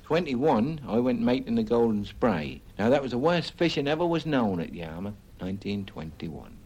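A man's voice: medium pitch, big pitch swings, moderate pace, darkish tone, breathy edge, poor audio. An older man, a retired herring fisherman, remembering hard years in a plain-spoken way and often saying "you see". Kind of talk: reminiscing interview.

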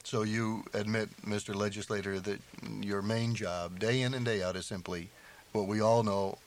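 A man's voice: fairly low pitch, steady tone, normal speed, slight background noise. A man hosting a radio talk show, pressing his guest with challenging questions and reading the credits. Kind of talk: talk show interview and sign-off.

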